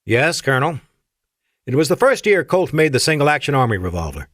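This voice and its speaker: A man voicing an ancient, courteous alien admiral with an Afrikaans-tinged accent and formal, measured speech. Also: mid-range voice, sing-song, fairly bright tone, no room sound, studio quality, pitched above the performer's own voice.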